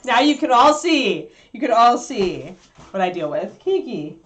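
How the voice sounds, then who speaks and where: A woman hosting a casual livestream, animated and laughing, cooing at her puppy between remarks. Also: fairly high pitch, unhurried. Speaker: livestream host.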